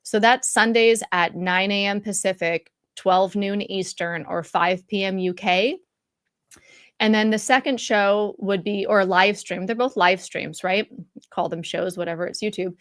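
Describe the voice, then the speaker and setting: A woman's voice: mid-range voice, a little slow, fairly bright tone, dry recording, studio quality. A middle-aged woman hosting a live stream in a casual, rambling way, with lots of fillers and restarts. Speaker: YouTube live stream host. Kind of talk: casual live-stream chat reading comments. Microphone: studio mic for content creation.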